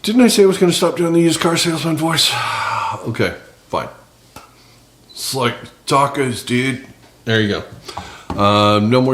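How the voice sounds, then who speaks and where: A man's voice: medium pitch, expressive, a little slow, long pauses, fairly bright tone, reverberant. A man hosting a casual cooking vlog from his small home kitchen, chatting and joking with viewers. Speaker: cooking channel host. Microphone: several cameras on the counter.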